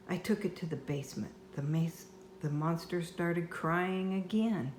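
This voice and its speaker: An older woman reading a children's book aloud at home in a slow, expressive storyteller manner. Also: low voice, noisy background. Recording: echoey room with faint ambience.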